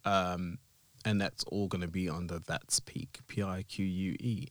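A lower-pitched man talking through a casual podcast in an earnest, careful way. His voice is close and dry, with no room around it. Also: fairly even intonation, unhurried, dry recording. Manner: earnest, spells things out carefully. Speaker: podcast co-host.

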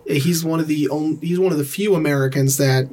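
A man co-hosting a casual podcast, hesitant and full of pauses as he thinks aloud. His voice sits a little high. A faint hiss runs behind him. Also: fairly even intonation, mellow. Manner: hesitant, many ums and trailing sentences. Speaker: podcast co-host. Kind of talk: casual chat.

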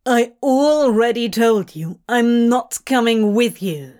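A woman's voice: on the high side, lively intonation, takes it slowly, a little mellow. A woman voicing a sullen, guarded male demon who speaks curtly and bitterly in a storybook reading. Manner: curt, bitter.

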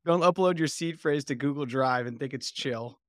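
A man's voice: medium pitch, normal speed, dry recording, clean studio sound. A man co-hosting a podcast, joking and teasing in casual banter. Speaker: podcast co-host. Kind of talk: casual chat.

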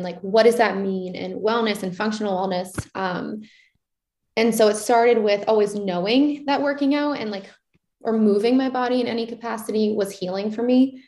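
A young woman speaking as an interview guest, candid and animated as she acts out her own inner questions. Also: medium pitch. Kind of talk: casual reflective interview talk. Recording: roomy echoey sound.

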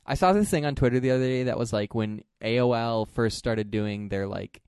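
A man's voice: mid-range voice, brisk, darkish tone, smooth, no room sound, clean studio sound. A man co-hosting a casual podcast, joking around playfully and trying out silly accents. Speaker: podcast co-host.

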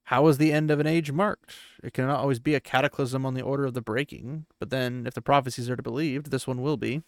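A man's voice: mid-range voice, fairly even intonation, quick pace, no room sound, studio quality. A man hosting a podcast and recapping a book chapter in rambling, conversational chat. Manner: rambling, conversational, with filler words. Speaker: podcast host.

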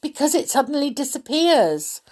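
A woman's voice: high voice, very animated, moderate pace, darkish tone, voice pushed up. Woman as a storybook boy: cross, bossy, scolding. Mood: warning. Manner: scolding, insistent.

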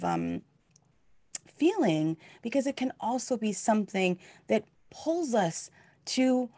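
A woman's voice: a little high, darkish tone, no echo. A middle-aged woman minister giving a heartfelt, conversational sermon with many fillers.

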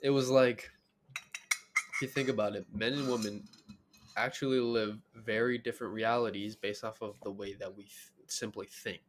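A man's voice: on the low side, steady tone, normal speed, a little hiss or hum. Slangy young man podcast co-host. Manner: slangy, laid-back, says "bro" and "real shit". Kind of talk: casual chat.

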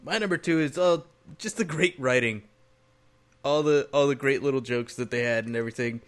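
A man's voice: mid-range voice, a little fast, fairly bright tone. A man co-hosting a podcast, chatting enthusiastically and laughing while recounting jokes. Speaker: podcast co-host. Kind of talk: casual chat.

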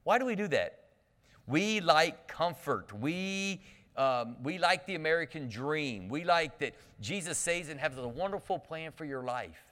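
A man's voice: a little high, unhurried. A male pastor giving a sermon, telling camp stories with humor and calling out to the congregation. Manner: lively storytelling with humor and call-outs to the congregation. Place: church sanctuary. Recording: long reverb of a church hall.

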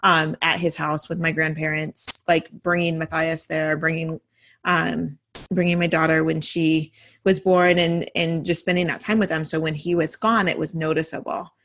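A woman's voice: sits low, flat delivery, normal speed, a bit bright, slight background noise. A woman in her thirties, a mother, chatting casually in a reflective, hesitant way with many fillers. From Oregon, United States. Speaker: mother, conversation partner. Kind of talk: casual chat.

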